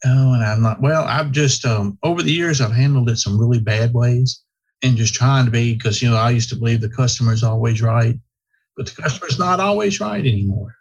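Man, vet clinic owner, rambling storyteller, husky tone. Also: medium pitch, fairly quick. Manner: folksy, rambling, with many restarts. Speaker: veterinary practice owner, podcast guest. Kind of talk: casual storytelling chat. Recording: slightly muffled lo-fi audio.

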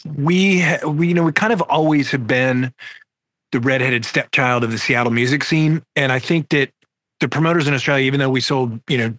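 A man in his fifties speaking as a rock-singer guest on a video call. His voice sits mid-range and dry, and he talks in a relaxed, open, storytelling way. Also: mid-range voice, fairly quick, dry recording. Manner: laid-back, candid storyteller. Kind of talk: casual interview over video call.

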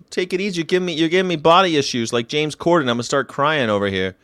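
A middle-aged man ranting sarcastically in a casual monologue, jumping between loud outbursts and low mutters. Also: fast talker, few pauses, clear, resonant tone, dry recording. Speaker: vegan commentary host.

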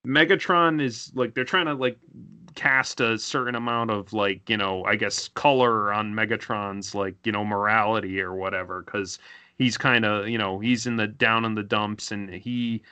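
A man's voice: fairly low pitch, fairly even intonation, moderate pace, sharp tone, clean tone, no echo. A man co-hosting a casual fan podcast, recapping the plot in a rambling way full of filler words. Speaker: podcast co-host.

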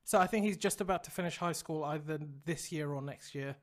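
A man co-hosting a podcast, chatting casually and teasing his co-host, quick to laugh. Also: on the high side.

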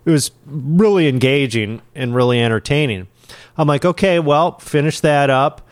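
Relaxed rambling podcast man. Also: on the high side, normal speed, no room sound. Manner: rambling, relaxed, filler-heavy. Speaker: podcast co-host. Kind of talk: casual chat.

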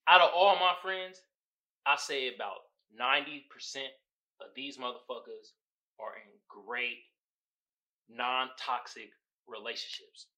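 Poor audio captures a young Bay Area podcaster riffing on a movie, swearing and using slang while laughing frequently. He speaks at a measured pace in a mid-range voice that sounds pushed and bright.

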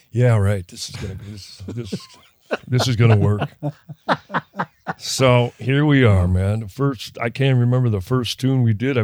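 An older man from Minnesota spins a long anecdote as a guest in a casual interview, circling back and restarting his sentences as he goes. His voice sits at a middling pitch. The sound is dry and close, with no room around it. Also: a little mellow, no room sound. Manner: rambling, self-interrupting anecdotes with laughs. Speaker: guest musician.

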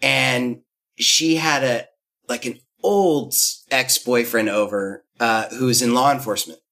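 A man's voice: mid-range voice, unhurried, gravelly, sharp tone. A man in his thirties, a guest telling a candid personal story, rambling with fillers and restarts and acting out quotes.

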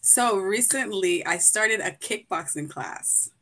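A woman with a bright, crisp tone, chatting as a podcast guest. She talks in a friendly way and laughs easily. Her pitch is medium. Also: animated, takes it slowly. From Brooklyn, New York; raised in Boston. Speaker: guest, author and mental health clinician. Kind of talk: casual interview chat.

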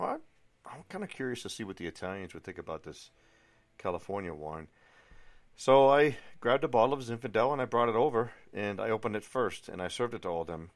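A middle-aged American man hosting his own podcast, chatting through a rambling, enthusiastic solo monologue full of asides. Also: fairly low pitch. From United States. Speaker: podcast host.

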